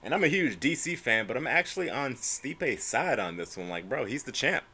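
A man's voice: mid-range voice, moderate pace, slightly rough. A young man hosting a solo podcast, ranting casually about fight news, swearing and tagging lines with bro and man. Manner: animated, profane, says bro and man constantly. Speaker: podcast host.

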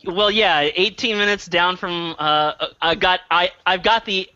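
A man's voice: high-pitched, steady tone, a little slow, bright, forceful tone, clean tone, no room sound, lo-fi sound. A man co-hosting a podcast, recapping a film in a rambling, casual way full of fillers. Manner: rambling, filler-heavy retelling with chuckles. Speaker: podcast co-host. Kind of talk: casual comedic movie review.

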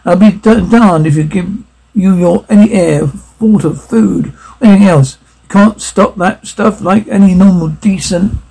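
A man's voice: sits high, normal speed, vocal fry, mellow, slightly rough, voice pushed up, full character voice, poor audio. A man voicing a blustering, gloomy male spaceship crewman in a read-aloud science fiction story, bellowing and scornful. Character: blustering gruff male spacer, boastful and pessimistic.

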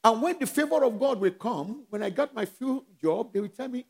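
Nigerian-accented male pastor, gravelly high voice, preaching to his church in call-and-response. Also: animated, a little fast, darkish tone. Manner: call-and-response preaching, rising and dropping in volume. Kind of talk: sermon.

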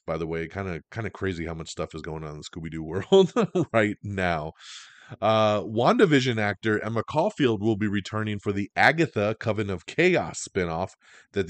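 A man with a fairly low voice hosts a podcast and chats through the week's entertainment news. He is casual and slangy, and often gets excited. The sound is dry and close to the mic. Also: normal speed, no room sound. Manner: enthusiastic, slangy, chatty. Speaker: podcast host.

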